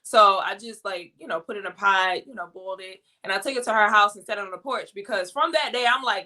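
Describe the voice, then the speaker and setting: Bright-voiced woman telling an animated story. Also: medium pitch, quick pace, hardly any pauses. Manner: animated, acts out family quotes. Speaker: guest. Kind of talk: casual storytelling.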